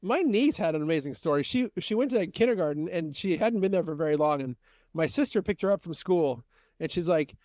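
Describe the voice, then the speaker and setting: A man's voice: on the high side, expressive, fairly quick, darkish tone, dry recording. A man co-hosting a podcast, telling funny stories casually and laughing often. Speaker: podcast co-host. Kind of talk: casual storytelling chat.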